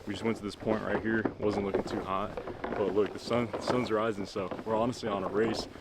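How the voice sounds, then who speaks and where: A man narrating a casual hunting vlog outdoors on the water, relaxed and laid back. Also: on the low side, brisk. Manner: relaxed, says bro a lot. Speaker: vlogger. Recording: loud boat and water noise outdoors.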